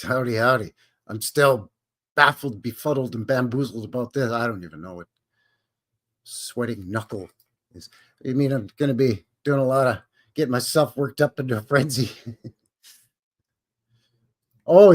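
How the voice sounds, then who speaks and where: Folksy Canadian man with a lively voice. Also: mid-range voice. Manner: jokey and folksy, greeting chat by name. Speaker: livestream host. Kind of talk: casual live-stream chat.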